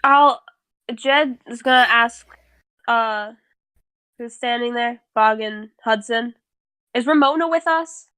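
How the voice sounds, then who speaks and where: A woman's voice: a little high, slow, pauses often, pushed and bright, clean tone, no echo. A woman playing her character in a tabletop game, hesitant and laughing often. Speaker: tabletop player. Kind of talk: casual play in character.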